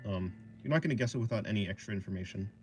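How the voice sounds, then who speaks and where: A young man streaming his drawing, chatting casually with his viewers in a rambling, hesitant way full of fillers and soft laughs. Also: on the low side, rapid-fire, faint music behind. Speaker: art streamer. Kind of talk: casual chat answering a live chat.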